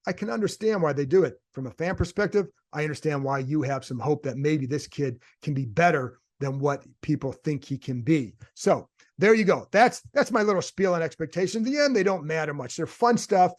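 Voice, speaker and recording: A sports reporter with his own show delivers casual solo commentary, working through his opinions and answering the rhetorical questions he poses. His voice sits fairly high with lively intonation, and he talks fairly quickly with hardly any pauses. The tone is conversational, like he's thinking out loud.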